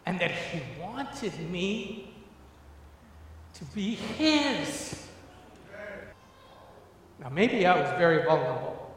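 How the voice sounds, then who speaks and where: A middle-aged man preaching a sermon, moving from hushed tones to fervent, repeated emphasis. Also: high voice, sing-song, takes it slowly, pauses often, slight background noise. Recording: echoey hall, far from mic.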